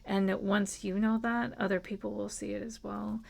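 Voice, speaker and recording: A woman's voice: medium pitch, level tone, moderate pace, gravelly. A woman giving an earnest, reassuring tarot reading at home, speaking casually and with emotion. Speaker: tarot reader. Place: at home with a dog.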